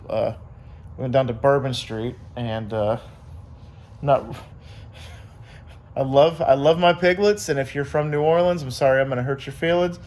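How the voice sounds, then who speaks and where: A young man vlogs casually to his viewers, rambling through a story in an upbeat way, packed with fillers and imitated voices of other people. His voice sits in the mid range with a darkish tone.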